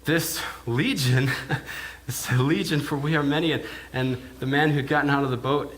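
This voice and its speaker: A minister playing a stammering village pig herder. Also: male voice, medium pitch, normal speed, fairly bright tone, close to an everyday voice. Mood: awed. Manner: hesitant, often repeats and restarts words. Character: adult male village pig herder, awed and talkative. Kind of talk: in-character first-person sermon monologue. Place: church.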